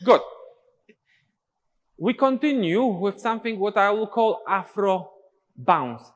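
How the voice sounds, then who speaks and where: A man's voice: high voice, expressive, slow, long reverb tail. A male dance teacher, explaining steps and counting rhythms aloud in syllables. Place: dance studio.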